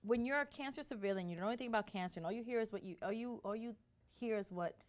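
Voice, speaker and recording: A woman telling her personal story as an interview guest, in an animated way with frequent restarts. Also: on the high side, racing.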